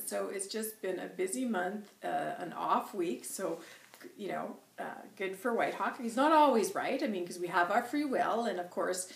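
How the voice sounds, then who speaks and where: A woman's voice: medium pitch, expressive, moderate pace, vocal fry. Chatty woman, echoey and distant. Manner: rambling, chatty, laughs often. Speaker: channeller and host. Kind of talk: casual chat and channelled reading. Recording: roomy echo from far off the mic.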